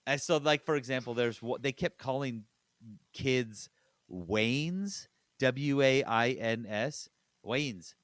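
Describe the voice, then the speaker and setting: A man's voice: medium pitch, fairly even intonation, unhurried, a bit bright, dry recording. Chatty man hosting, dry close sound. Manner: chatty, laughs while retelling scenes. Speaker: podcast host. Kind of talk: casual chat.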